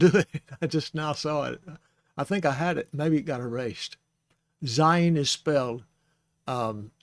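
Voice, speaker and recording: Slow, patient man teaching letters. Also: medium pitch, no room sound. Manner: slow and patient, spells out sounds, small self-corrections. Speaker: Bible Hebrew teacher. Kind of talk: informal teaching. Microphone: close microphone.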